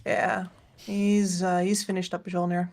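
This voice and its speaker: A woman's voice: lowish voice, level tone, measured pace, darkish tone. A woman giving esports color commentary, wry and easygoing in her analysis and banter. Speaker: esports co-caster.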